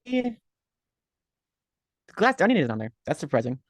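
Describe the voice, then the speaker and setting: A man's voice: on the high side, sing-song, normal speed, dry recording, studio quality. Playful man in podcast banter. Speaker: podcast co-host. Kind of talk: casual chat.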